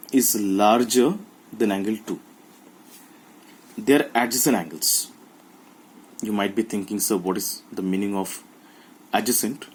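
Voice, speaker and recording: Low-voiced man teaching a math lesson. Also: a little mellow, poor audio. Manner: repeats phrases, halting with fillers. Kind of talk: classroom explanation to children. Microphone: phone held in one hand.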